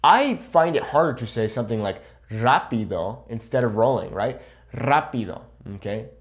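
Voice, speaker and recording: A young man teaching Spanish pronunciation in an online lesson, encouraging and patient, checking in with "okay?" after each point and modelling words slowly. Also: mid-range voice, lively intonation.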